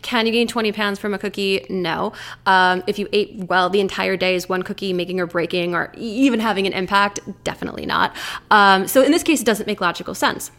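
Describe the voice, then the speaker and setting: A woman coaching listeners in a casual, chatty talk, with many fillers and quick acted asides of a harsh inner voice. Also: mid-range voice, steady tone, a bit bright. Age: adult with a daughter. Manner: chatty, filler-heavy, keeps asking "right?". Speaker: weight-loss coach.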